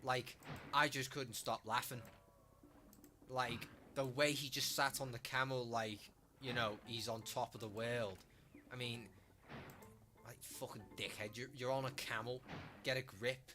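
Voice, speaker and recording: Sweary young Scouse streamer, bright voice. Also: male voice, medium pitch, steady tone, a little slow, pauses often, slight background noise. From Liverpool, England. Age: late teens. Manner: sweary, rambling storytelling. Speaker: live streamer. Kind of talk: casual live-stream chat.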